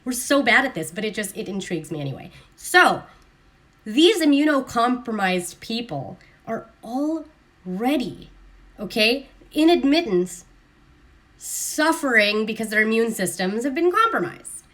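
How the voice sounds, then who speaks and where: A woman hosting a casual live stream on her phone, talking in an animated, sarcastic way and mimicking other people's voices. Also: a little high, unhurried. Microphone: phone camera.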